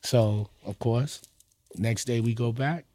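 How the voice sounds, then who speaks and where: A middle-aged man from Indiana telling a story as a guest on a casual interview show. He talks in a slangy, animated way and often drops to quiet, low asides. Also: slow, no room sound. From Indiana, United States. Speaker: guest, freestyle rapper.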